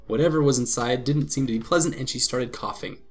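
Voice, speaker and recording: A man hosting a let's play, reading a visual novel aloud with quick laughs and commentary. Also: mid-range voice. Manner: lively reading broken by laughs and asides.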